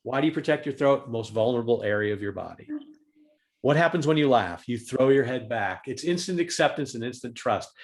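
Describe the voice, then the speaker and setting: Animated man speaking on a video call. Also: medium pitch. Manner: animated, demonstrates with sudden loud acted lines. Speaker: speaker on humor and leadership. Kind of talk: talk to a video-call audience.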